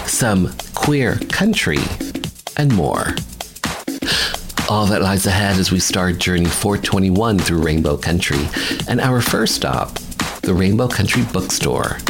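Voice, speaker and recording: Deep-voiced male radio host over music. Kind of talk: radio show introduction. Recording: music underneath. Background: music bed.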